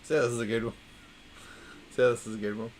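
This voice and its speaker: Mid-range and steady, the host's voice moves a little fast in a low-quality recording. He runs a laid-back livestream, reading groaners to a silent chat with wry humor and saying the punchlines again when nobody replies.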